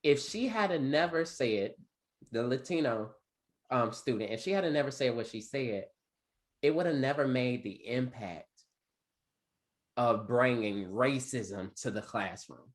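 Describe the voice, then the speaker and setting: A man teaching a classroom of students, talking in a lively, expressive way. His voice leaps up and drops low as he tells a story. He has the rolling cadence of a preacher. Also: unhurried. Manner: expressive, preacher-like cadence with big vocal swings.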